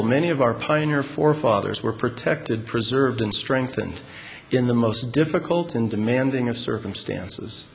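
A man giving a sermon to a congregation in a large hall, speaking in a measured, deliberate and emphatic way. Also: medium pitch. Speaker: religious speaker. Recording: long hall reverb, faint room noise.

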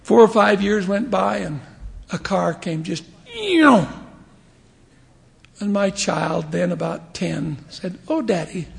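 Animated man in his fifties preaching. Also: sits high, slow pace, gravelly, long reverb tail. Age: 50s. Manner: animated storyteller acting out voices, chuckling often. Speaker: church leader giving a devotional talk. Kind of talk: humorous sermon with stories.

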